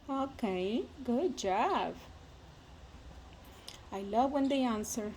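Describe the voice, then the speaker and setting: A woman's voice: drawn-out words, pauses often, a little mellow, a little hiss or hum. Woman baby-talking to her budgies. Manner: high sing-song baby talk, dropping to low murmured asides. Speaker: pet bird owner. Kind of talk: casual baby talk to pet birds.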